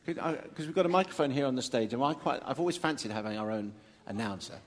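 Animated male radio presenter. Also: mid-range voice, fast, a crowd in the background. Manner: animated, reads listener emails aloud with theatrical emphasis. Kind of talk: lively live radio chat before an audience. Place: stage before a live audience.

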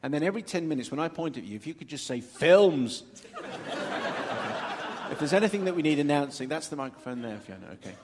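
Male radio host on a live stage, animated swooping delivery, theatrical reader of listener emails. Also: on the high side, racing, hardly any pauses, noisy background. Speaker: radio presenter. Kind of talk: lively live radio chat before an audience. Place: stage before a live audience.

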